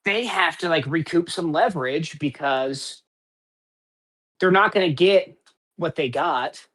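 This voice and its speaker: A man's voice: fairly high pitch, unhurried, a bit bright. A man co-hosting a casual sports podcast, rambling and opinionated with plenty of swearing. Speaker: podcast co-host.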